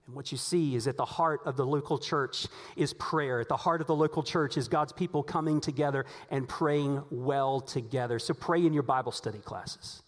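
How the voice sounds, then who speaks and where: A man preaching a sermon as pastor, telling stories animatedly, his voice climbing when excited. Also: mid-range voice, normal speed, hardly any pauses. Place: church sanctuary. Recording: long hall reverb.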